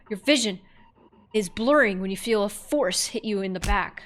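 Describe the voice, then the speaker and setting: A woman's voice: mid-range voice, normal speed, a little hiss or hum. A woman streamer reading a horror text game aloud, breaking off for wry, offhand comments.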